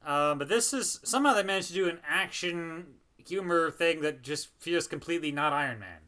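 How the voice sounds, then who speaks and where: A man's voice: on the high side, expressive, fairly quick, sharp tone. A man co-hosting a podcast, rambling casually about a movie and laughing often. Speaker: podcast co-host. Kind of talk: casual movie review chat.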